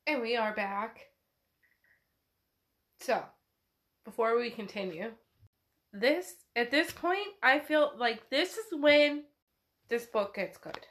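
A woman's voice: a little high, a bit bright. Chatty woman recapping a novel. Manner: chatty, swears, "he's like" retelling. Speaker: podcast host. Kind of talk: casual book recap and reading.

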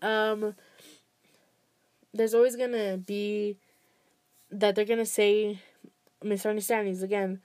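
A woman's voice: medium pitch, flat delivery, takes it slowly, pauses often, darkish tone. A young woman giving casual, rambling relationship advice, full of fillers and "blah, blah, blah.".

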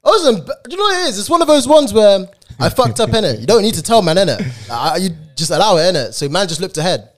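A man's voice: high voice, big pitch swings, quick pace, hardly any pauses. A young man telling a story in casual chat, full of slang and tag questions. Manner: slangy, repeats "innit" as a tag. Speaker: podcast co-host.

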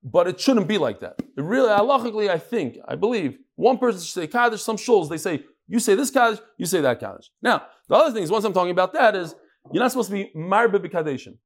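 A man teaching a Talmud class live, lively and joking, with Hebrew and Yiddish terms all through his talk. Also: sits high, fast talker. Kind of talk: daf lesson to a live class.

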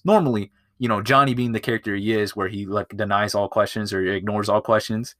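A man with a lowish voice recaps a movie on his podcast in a loose, rambling way, swearing freely and doubling back. He is recorded close up, and the sound is dry. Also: steady tone, fairly quick, fairly bright tone, no room sound. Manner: rambling, profane, loses his place. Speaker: podcast host. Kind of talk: casual movie review chat.

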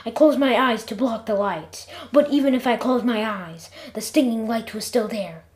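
A woman narrating her own episodic story in a lively, expressive reading. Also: on the high side, moderate pace.

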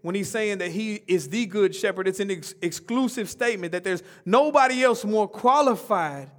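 A man preaching a sermon in a casual, conversational way, calling out to the congregation for responses and swinging between loud emphatic lines and soft, low ones. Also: normal speed. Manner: call-and-response preaching, rising emphatic then dropping soft; informal, conversational speech.

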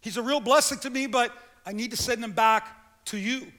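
Brief: high-voiced male preacher, bright tone, rallies the congregation, long church reverb. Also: normal speed. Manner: stammering restarts, rallying the congregation. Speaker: pastor. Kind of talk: sermon. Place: church sanctuary. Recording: long reverb of a large hall.

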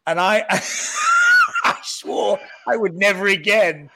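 A man with a blended North Welsh and Scouse accent, a guest actor telling stories in an animated, self-mocking way with frequent restarts. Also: sits high, takes it slowly, creaky, shouting, background noise. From North Wales near Liverpool. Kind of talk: casual interview chat.

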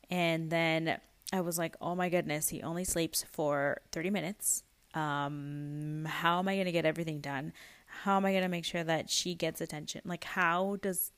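A woman's voice: fairly low pitch, no room sound. A young woman hosting a podcast in casual chat, talking through her own stories, laughing often and acting out quoted moments. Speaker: podcast host.

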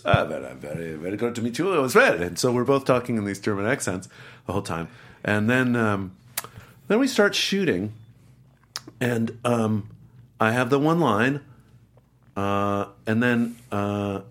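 A middle-aged man telling a casual anecdote, acting out the voices and accents of the people in it. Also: lowish voice. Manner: animated storyteller, acts out voices and accents. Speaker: guest actor telling a story.

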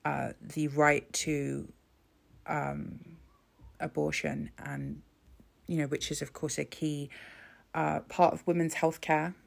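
Podcast host: young woman, low gravelly voice, rambling and sweary. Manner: chatty, sweary, rambling with many restarts. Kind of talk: solo podcast monologue.

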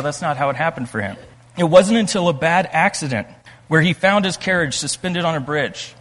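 A man preaching a sermon as a pastor, earnest, slowing down for emphasis and reading scripture aloud with rising intensity. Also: on the high side, a bit bright. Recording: long reverb from a large room.

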